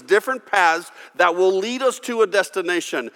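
A man preaching a sermon in a church, his fairly high voice ringing with long reverb through the hall. He swings from loud, emphatic lines to hushed, intimate ones, and leads the congregation in reciting verses aloud. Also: normal speed, few pauses. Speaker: pastor.

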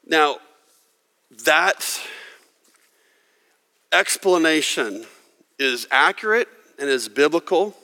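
A man preaching a sermon, dramatic and expressive, acting out quoted prayers with mounting intensity. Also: fairly high pitch, takes it slowly, long pauses. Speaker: pastor. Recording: long hall reverb.

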